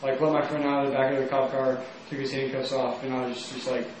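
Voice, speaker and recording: Speaking fast in a flat, mid-range voice, a young adult man from Texas rambles through a casual personal story, using "like" heavily. A slight hiss or hum is audible, and the distant mic picks him up in a very echoey room.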